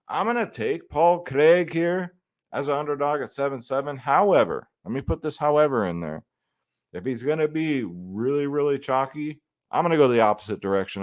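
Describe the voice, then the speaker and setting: A man hosting a fantasy sports picks video, talking casually and swearing freely as he breaks down upcoming fights. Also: medium pitch. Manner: laid-back and conversational, swears freely and says "man" often.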